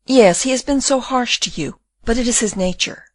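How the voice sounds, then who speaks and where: A woman reading the part of a condemned young man in prison, speaking in a tender, calm and consoling way. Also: on the high side, moderate pace, no room sound, pitched above the performer's own voice, lightly acted.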